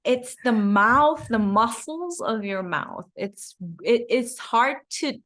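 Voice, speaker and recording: A young woman from Macau co-hosts a casual podcast. She tells stories in a quick, animated way. Her voice sits slightly high. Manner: animated, quick storytelling with laughs. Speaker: podcast co-host. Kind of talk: casual chat.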